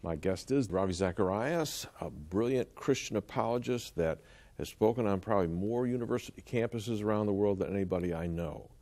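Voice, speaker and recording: A man's voice: lowish voice, fairly quick, mellow. A man hosting an interview, introducing his guest and asking short prompting questions. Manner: brief prompting questions, attentive. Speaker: interview host.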